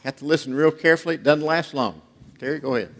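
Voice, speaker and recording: Folksy preacher, gravelly voice. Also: male voice, fairly high pitch, fast talker, fairly bright tone. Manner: folksy storytelling with jokes. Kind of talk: sermon. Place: church sanctuary. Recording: reverberant church hall.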